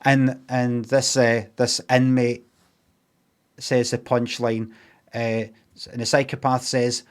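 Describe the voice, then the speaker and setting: A man's voice: medium pitch, level tone, measured pace. Scottish guy rambling through a film plot on stream, swears a lot, loads of ums, ordinary mid voice. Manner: sweary, meandering, with lots of fillers and asides. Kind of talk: casual rambling film recap.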